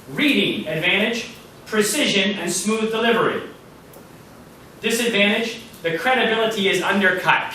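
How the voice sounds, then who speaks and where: Bright-voiced lecturer in an echoey hall. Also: male voice, on the high side, slight background noise. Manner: animated teacher, big swings in loudness. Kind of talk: lecture on presenting. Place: lecture room. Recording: echoey room from far off.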